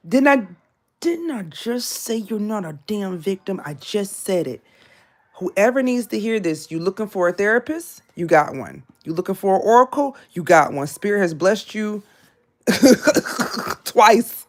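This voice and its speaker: A woman, giving a live tarot reading in a blunt, scolding, profane way and repeating her points. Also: mid-range voice. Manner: repetitive, confrontational. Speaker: tarot reader.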